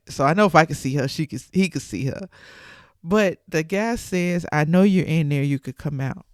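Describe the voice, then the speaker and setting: A woman's voice: low voice, darkish tone, no echo, studio quality. A woman casually retelling a film's plot in her own words, chatty and full of fillers. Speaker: channel host. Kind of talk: casual movie recap.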